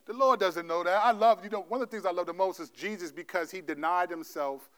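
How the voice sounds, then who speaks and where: A male pastor preaching a sermon, telling stories animatedly, playing out God's voice in slangy asides and then dropping into a quieter, gentle exhortation. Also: high-pitched, fast talker, clear, resonant tone. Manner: drops to a soft, quiet delivery for the exhortation.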